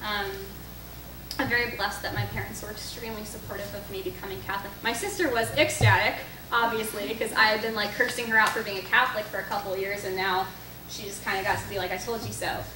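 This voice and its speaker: A woman's voice: mid-range voice, steady tone, quick pace, distant mic. A young woman speaking to a church group in a casual, chatty way, telling stories and answering questions. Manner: chatty, storytelling, frequent likes and self-corrections. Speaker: speaker at a young adult faith event. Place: parish hall. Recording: echoey room, voice off-mic with faint noise.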